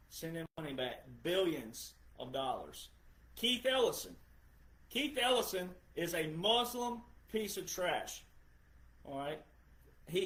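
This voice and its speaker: Man, podcast host, high-pitched, emphatic, repetitive, lecturing, roomy echo. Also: a bit bright. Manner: emphatic, lecturing, repeats phrases for effect. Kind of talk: political commentary monologue.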